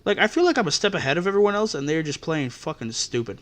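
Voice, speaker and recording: Guy ranting on his podcast, swears a lot, fed up, voice sits a bit high. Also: expressive, fast talker, fairly bright tone. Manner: profane, exasperated ranting. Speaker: podcast host. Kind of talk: ranting storytelling.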